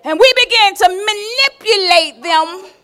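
Woman preaching a sermon, high voice, slow and emphatic, calls out to the church. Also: lively intonation, pushed and bright, some chatter behind.

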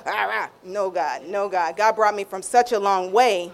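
Giving an emotional testimony about her faith, a middle-aged guest speaks at a moderate pace in a relaxed, expressive way. Big pitch swings mark the voices she acts out, and her informal delivery keeps repeating and restarting phrases.

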